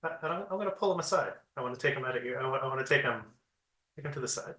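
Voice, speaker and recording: A man's voice: medium pitch, lively intonation, rapid-fire, pushed and bright, echoey room. A man playing a tabletop game, chatting casually and thinking aloud with some hesitation. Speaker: player. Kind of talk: casual chat.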